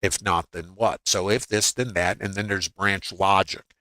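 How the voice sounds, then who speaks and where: A man's voice: sits low, fairly even intonation, unhurried, bright, forceful tone, no room sound, low-quality recording. An older man teaching a live trading webinar, talking conversationally with dry humor and frequent filler words. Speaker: trading educator.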